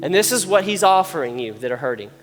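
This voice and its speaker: A man's voice: on the high side, sing-song, quick pace. A man preaching a sermon in an earnest, conversational way, with rising emphasis on his key points. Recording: long reverb, guitar music behind. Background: soft guitar music.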